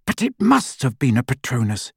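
A man voicing a sharp, clever teenage girl who fires off quick questions. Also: mid-range voice, wildly swooping pitch, gravelly, slightly rough, dry recording, clean studio sound, heavily acted. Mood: sharp, urgent.

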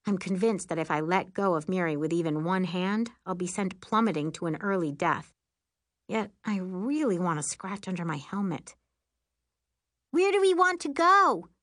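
A woman narrating a first-person audiobook in a lively, wry, expressive way. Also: fairly low pitch, no room sound, clean studio sound.

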